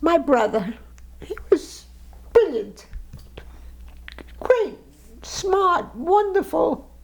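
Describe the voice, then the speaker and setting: A woman's voice: extremely high pitch, very animated, very slow, creaky, poor audio. A woman in her nineties giving an oral history interview, emotional and tearful, reminiscing with restarts. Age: 90s. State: crying.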